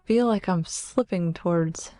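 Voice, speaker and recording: A woman's voice: on the low side, unhurried, mellow, no room sound. A woman with a Kentucky accent co-hosting a podcast in casual chat, laughing often. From United States. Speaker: podcast co-host.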